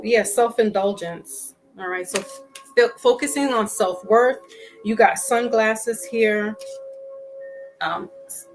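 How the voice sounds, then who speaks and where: A woman's voice: medium pitch, poor audio. A woman giving a casual tarot reading, chatty and loose, often restarting her words. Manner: chatty, frequent restarts and fillers. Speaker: tarot reader.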